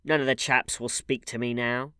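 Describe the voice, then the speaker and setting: A man voicing a listless, worn-out young man who speaks flatly and wearily. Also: medium pitch, normal speed, clear, resonant tone, no room sound, clean studio sound, pitched above the performer's own voice, natural voice. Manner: flat, listless delivery. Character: listless, weary young man, ruined and numb.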